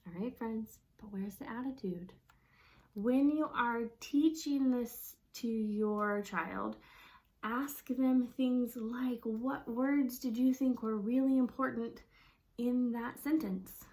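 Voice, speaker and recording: A young adult woman speech-language pathologist, demonstrating expressive read-aloud with wide swings in her voice and friendly teacherly explanations. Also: slow. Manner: expressive storybook reading with wide pitch swings.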